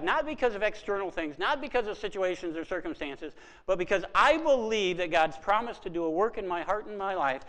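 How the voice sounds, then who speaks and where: A middle-aged man preaching with a high, lively voice that jumps from quiet asides to loud exclamations. His words ring out with a long hall reverb, as from a church sanctuary. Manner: animated, swings from soft asides to loud exclamations. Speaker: pastor. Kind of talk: sermon.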